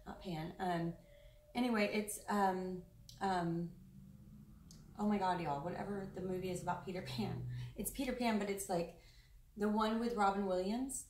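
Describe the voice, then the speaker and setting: Her voice medium in pitch and darkish, a tarot reader speaks at normal speed with fairly even intonation and frequent pauses. She rambles casually and effusively to camera, with plenty of fillers and the odd swear word, on a roomy, somewhat distant recording with a little hiss or hum.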